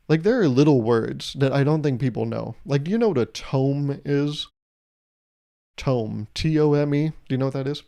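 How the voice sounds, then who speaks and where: A man's voice: fairly high pitch, dark tone. A man hosting a solo podcast, talking in a sarcastic, joking way full of rhetorical questions and playful mock advice. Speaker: podcast host. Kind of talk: solo comedic podcast monologue.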